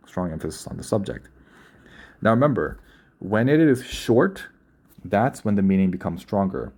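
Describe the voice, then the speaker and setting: A young Korean language teacher with a deep, mellow voice teaches a grammar lesson, explaining patiently and often repeating or correcting himself.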